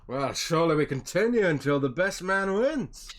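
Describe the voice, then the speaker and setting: A man's voice: a little high, big pitch swings, moderate pace, voice pushed up. A man voicing a boastful, pompous male bard who makes grandiose proclamations. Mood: smug.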